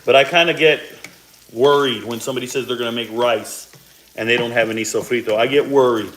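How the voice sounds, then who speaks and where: A man in his forties talks loosely to his viewers as he cooks, drifting into side stories between steps. His voice sits at an ordinary middle pitch, with the occasional cough from a sore throat. A faint sizzle of frying food runs underneath. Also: fairly even intonation, brisk, fairly bright tone, a little hiss or hum, low-quality recording. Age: 40s. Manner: chatty, rambling asides while cooking. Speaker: cooking vlogger. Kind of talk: casual cooking chat to viewers. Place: home kitchen, cooking at the stove.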